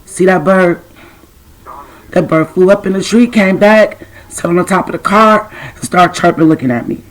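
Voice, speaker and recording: In a rough recording, a woman with a lowish voice speaks at a moderate pace. She identifies as a spiritual intuitive and tells the camera's audience a personal spiritual story, blunt and streetwise in her casual delivery, swearing now and again.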